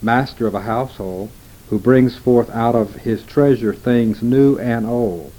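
A man voicing a calm male teacher with gentle authority, in a measured, solemn delivery. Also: medium pitch, close to an everyday voice, poor audio.

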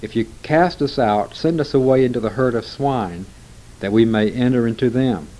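A man's voice: mid-range voice, normal speed, dark tone, natural voice. A man voicing a horde of male demons, speaking in a pleading, urgent way.

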